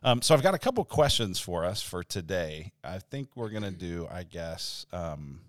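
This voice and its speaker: Low-voiced easygoing male pastor host. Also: very animated, normal speed, no room sound, studio quality. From Denver, Colorado. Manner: easygoing, laughs often. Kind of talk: casual podcast conversation.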